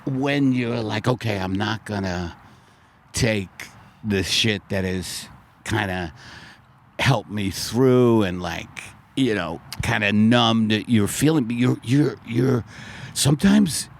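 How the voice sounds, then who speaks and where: A man hosting a comedy podcast in casual chat, animated, swinging between loud bursts and low mutters. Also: takes it slowly, gravelly. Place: outdoors in a park.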